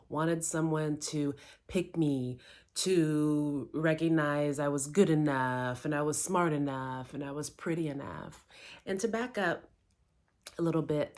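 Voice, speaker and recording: A middle-aged woman, a life coach, candidly telling a personal story with lots of quoted self-talk. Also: low voice.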